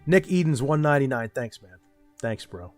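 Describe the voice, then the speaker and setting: A man's voice: medium pitch, animated, normal speed, faint music behind. A young man streaming and talking with his chat in a blunt, profane, ranting way. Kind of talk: casual livestream chat.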